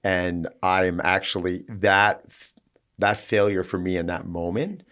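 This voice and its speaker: A man's voice: low-pitched, takes it slowly, fairly bright tone, clear, resonant tone. A middle-aged man hosting a podcast, telling self-deprecating stories in a casual chat. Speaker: podcast host. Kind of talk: casual interview conversation.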